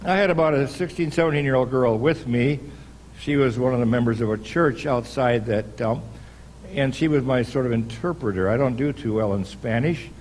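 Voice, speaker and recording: An older American man preaching a sermon in a church, telling a story at an unhurried pace with pauses and restarts. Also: medium pitch, a little mellow, a little hiss or hum. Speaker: pastor.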